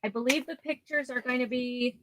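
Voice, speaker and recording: A woman's voice: high voice, fairly even intonation, fairly quick, fairly bright tone, slight background noise, rough recording. Chatty woman selling at a live sale. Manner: chatty, rambling, laughs easily. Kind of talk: casual live auction chat. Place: home, near her garage.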